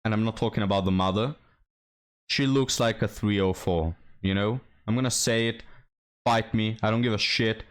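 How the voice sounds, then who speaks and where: A man's voice: fairly low pitch, steady tone, normal speed. A young man hosting a reaction commentary, sarcastic and mocking, talking straight to his viewers. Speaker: commentary host.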